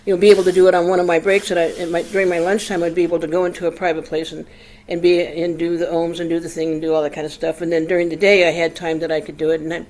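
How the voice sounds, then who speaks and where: Older person telling their story, rambly, lots of you know and all that stuff, mid pitch. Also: flat delivery, very fast, a little mellow, poor audio. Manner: rambling, trailing off with fillers. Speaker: audience member sharing a story. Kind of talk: casual testimony.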